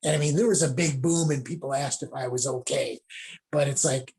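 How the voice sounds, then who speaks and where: A man's voice: mid-range voice, fairly even intonation, brisk, gravelly, darkish tone, a little hiss or hum. Rambling middle-aged man. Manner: rambling anecdotes with laughs and acted quotes. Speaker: guest judo sensei. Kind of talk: casual storytelling on a video call.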